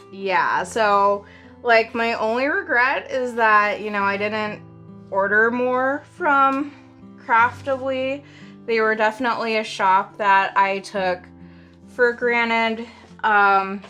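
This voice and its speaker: A woman's voice: medium pitch, slow pace, bright, forceful tone, soft background music. A woman hosting a crafting channel, chatting casually and rambling with lots of fillers and frequent giggles. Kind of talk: casual show-and-tell chat.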